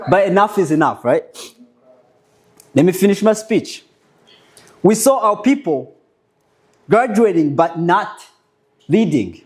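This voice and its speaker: A man's voice: high voice, big pitch swings. Impassioned man. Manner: rhetorical, emphatic, with halting restarts. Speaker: conference speaker, movement founder. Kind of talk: impassioned motivational speech.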